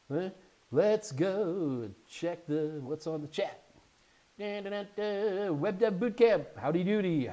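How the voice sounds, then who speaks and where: A man hosting a casual live Q&A stream as an IT certification instructor, chatty and animated, with jokey asides. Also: a little high.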